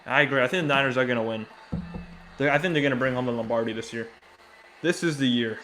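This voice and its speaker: A man giving casual live baseball play-by-play, chatting with viewers and reacting excitedly between pitches. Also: quick pace. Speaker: live sports commentator.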